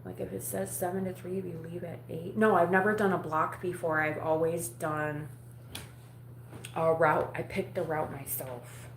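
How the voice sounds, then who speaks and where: A woman's voice: on the low side, steady tone, unhurried, gravelly, slight background noise. Blunt, profane woman chatting in an echoey room. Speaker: vlogger talking to a live audience. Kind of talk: casual live-stream chat. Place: home at night.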